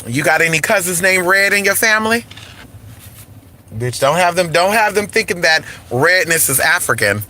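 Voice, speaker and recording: A woman's voice: on the low side, expressive, normal speed, pushed and bright, slight background noise. A woman hosting a casual spiritual talk, sassy and campy, dropping "honey" and "girl" between sentences. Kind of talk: casual spiritual talk with singing along to music. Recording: faint music behind.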